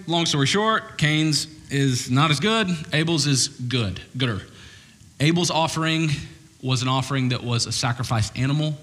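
A male pastor delivering a sermon in an animated, conversational way. He mixes earnest points with jokey asides. His voice sits in an ordinary middle register. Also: mid-range voice, big-room sound. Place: church hall with congregation.

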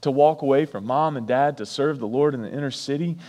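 A pastor preaching a sermon, repeating key lines for emphasis and breaking off for chatty asides. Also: male voice, mid-range voice, brisk, mellow, long reverb tail.

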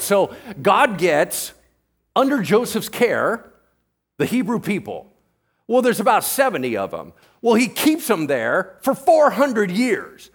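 A male pastor preaching a sermon, telling the story in lively casual slang and often checking in with "right?". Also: high-pitched.

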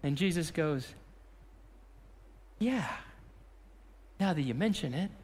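A man preaching a sermon as pastor, swinging from impassioned shouting to a hushed closing prayer. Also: on the high side, expressive, takes it slowly, husky, big-room sound. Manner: impassioned, shouting repeated phrases, then dropping to a quiet prayer.

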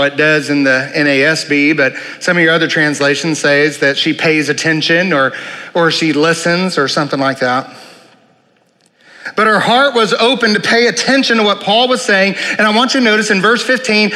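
A man's voice: high-pitched, bright, forceful tone. A man preaching a sermon in earnest, asking rhetorical questions and repeating key phrases. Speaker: pastor. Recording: long hall reverb.

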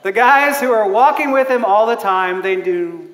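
A man preaching a sermon as a pastor, animated, laughing often and acting out the voices he quotes. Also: high-pitched, normal speed. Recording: echoey hall.

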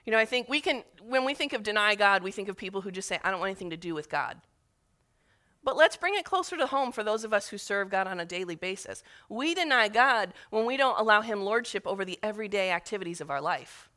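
Bright-voiced woman preaching with earnest feeling. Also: mid-range voice. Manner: earnest and emotional, with rising intensity on appeals. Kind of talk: sermon.

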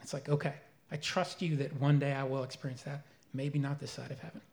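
A man's voice: medium pitch, little pitch movement, fairly quick, a little hiss or hum. A man answering faith questions at a live church Q&A in an earnest, reflective way. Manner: earnest, reflective, grows emotional.

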